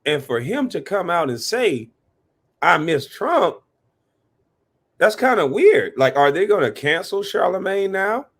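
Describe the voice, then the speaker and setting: Animated, profane man on a livestream. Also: high voice, normal speed, hardly any pauses. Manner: animated, profane, gives shout-outs to chat. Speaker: livestream reaction host. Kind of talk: live reaction commentary.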